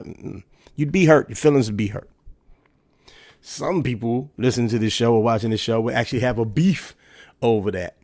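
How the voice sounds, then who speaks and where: A man's voice: mid-range voice, darkish tone, no room sound, studio quality. A man in his thirties hosting a solo podcast, talking casually and emphatically and asking rhetorical questions. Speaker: podcast host.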